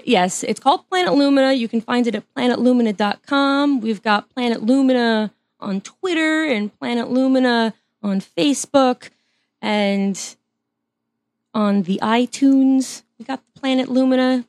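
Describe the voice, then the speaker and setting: Woman podcast guest, chatty and giggly, slightly high voice. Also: dry recording. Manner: chatty, laughs often, restarts sentences. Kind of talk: casual interview chat.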